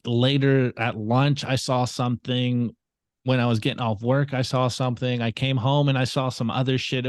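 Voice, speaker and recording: A man's voice: mid-range voice, no room sound. A young man from California telling his story in a casual interview, rambling and swearing freely as he talks. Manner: profane, rambling, animated storytelling. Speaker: guest.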